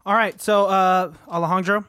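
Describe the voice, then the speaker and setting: A young man with a notably high voice chats casually across a table with a friend. He jokes, teases and slips into a mock sales pitch with ease. The sound is close and dry. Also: little pitch movement, normal speed, sharp tone, clean tone, no echo. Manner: playful, laughs often, mock sales pitch. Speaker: podcast co-host. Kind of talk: casual chat. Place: small room at a table. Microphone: studio mic, camera present.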